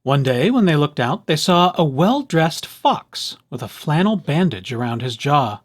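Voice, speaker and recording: Animated man reading a picture book. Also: fairly high pitch, measured pace. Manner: expressive, animated storytelling. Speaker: storyteller. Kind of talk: children's picture book read-aloud.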